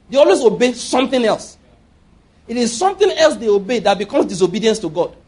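A man's voice: high voice, big pitch swings, fast talker, darkish tone, breathy edge. A man preaching a sermon, emphatic and often asking his listeners rhetorical questions.

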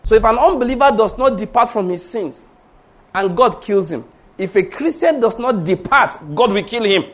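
A man preaching a storytelling sermon, swinging between hushed asides and loud exclamations. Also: sits high, expressive, normal speed.

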